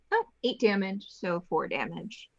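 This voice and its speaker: Female player, unhurried, very lively pitch, muffled mic. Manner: playful, giggly. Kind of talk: casual tabletop game chat.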